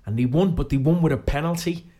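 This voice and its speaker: A man from the Liverpool area chats as a guest, telling rambling stories and often asking "do you know what I mean." His voice is fairly high and warm, and he talks fast.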